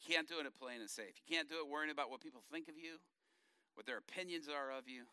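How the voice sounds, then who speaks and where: Bright-voiced preaching man, dry close sound. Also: fairly high pitch, fast talker, clean tone, no room sound. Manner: animated storytelling, acting out quotes. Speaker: pastor. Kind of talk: sermon.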